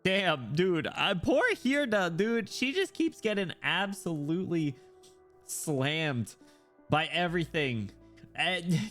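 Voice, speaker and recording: A man streaming a game, reacting with crude jokes and quick, laughing commentary. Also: a little high, animated, a bit bright, faint music behind. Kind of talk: casual gaming stream commentary.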